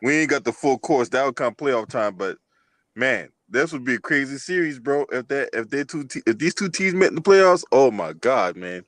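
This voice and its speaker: A man's voice: medium pitch, animated, normal speed, fairly bright tone, dry recording. A man hosting a casual sports chat, loose and slangy, swearing freely. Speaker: podcast host.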